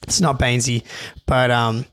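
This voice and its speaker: A young man, a podcast co-host, telling a story in an animated, excitable way with many restarts. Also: medium pitch, normal speed. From Australia. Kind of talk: casual storytelling.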